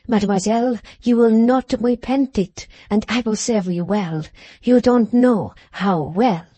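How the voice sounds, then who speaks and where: A woman voicing an intense young French lady's maid in an audiobook, speaking in a low, subdued, earnest way with a French accent. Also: measured pace, mellow, dry recording. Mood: earnest pleading. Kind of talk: audiobook character voice.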